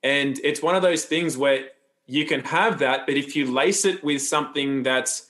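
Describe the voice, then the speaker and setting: A man's voice: mid-range voice, moderate pace, a bit bright. A man talking as a podcast guest, loose and rambling, with frequent restarts and asides. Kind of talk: casual interview talk.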